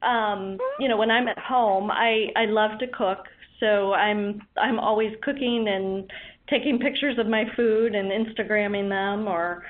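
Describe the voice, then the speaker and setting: Woman dietitian guest, friendly and unhurried, thin phone-line audio. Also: medium pitch, fairly even intonation. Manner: friendly, hesitant with fillers. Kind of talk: casual phone interview.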